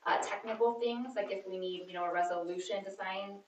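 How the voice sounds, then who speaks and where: A woman on staff giving a steady report to a city council at a meeting, plain-spoken and methodical, with frequent fillers. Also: medium pitch, fairly quick. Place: council chamber. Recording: echoey room, distant mic, background noise.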